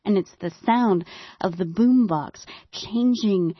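A woman in her thirties telling a personal story live, with dry deadpan humor and sudden hushed whispers. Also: mid-range voice, takes it slowly, slightly rough, dry recording, lo-fi sound.

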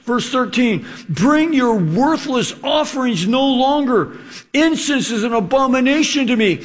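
A male preacher delivers a sermon with a strikingly high voice. He is animated and rhetorical, and he acts out the scripture he quotes.

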